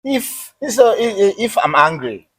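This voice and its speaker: Husband talking things through, slightly high voice. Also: male voice, sing-song, unhurried, fairly bright tone, breathy edge, no echo, poor audio. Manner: repeats words while thinking, says "you understand?". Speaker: interviewed husband. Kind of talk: casual interview chat.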